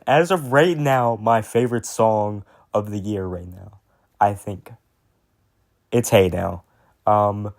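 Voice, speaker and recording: A man's voice: mid-range voice, a little mellow, dry recording, clean studio sound. A man rambling casually about music, with lots of fillers, restarts and swearing. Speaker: music commentator.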